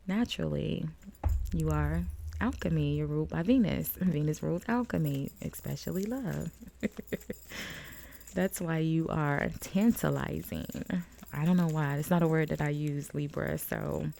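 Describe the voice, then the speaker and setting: A woman's voice: low-pitched, fairly even intonation, measured pace, creaky, dark tone. A woman giving a casual tarot card reading to her viewers. She is chatty, laughs often, and calls the viewer "friend.". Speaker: tarot reader.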